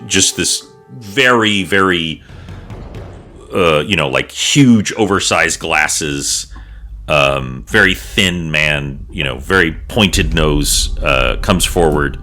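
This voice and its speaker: A man with a very deep, bright voice narrating as dungeon master, slow and rambling, full of ums and restarts. Faint music plays behind him. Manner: rambling, filler-laden narration. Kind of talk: narrating a tabletop game.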